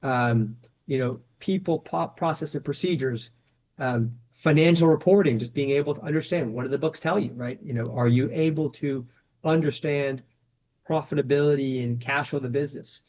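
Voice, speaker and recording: A man of ordinary pitch talks casually as an interview guest, explaining things in a relaxed, conversational way. He sprinkles his sentences with "you know" and "right?". The sound is slightly dull and lo-fi. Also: moderate pace. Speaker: private equity managing director, guest.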